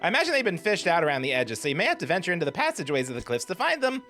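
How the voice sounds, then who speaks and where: A man playing a chatty village woman, bright tone, sweetly pushy, video game voice. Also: high-pitched, wildly swooping pitch, racing, soft background music, voice pushed up, full character voice. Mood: chirpy.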